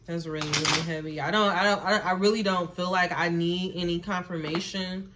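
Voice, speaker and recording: A woman's voice: on the low side, fairly even intonation, brisk, background noise. A woman reads tarot cards in a casual, spiritual way. She talks emphatically, repeats her points and swears freely. Her encouragement is earnest and preacher-like. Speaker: tarot reader.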